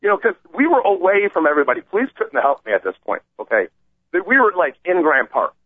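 Excited man on a tinny phone line. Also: high-pitched, fast, breathy edge, no room sound. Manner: excited, acts out quoted voices, rambling. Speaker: radio show regular telling a story. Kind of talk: animated storytelling on a radio show.

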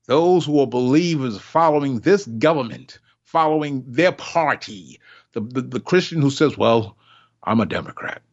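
A man's voice: a little high, normal speed. Older man preaching an emphatic sermon. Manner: emphatic, repetitive, acts out quoted voices. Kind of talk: impassioned sermon. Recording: dull lo-fi recording.

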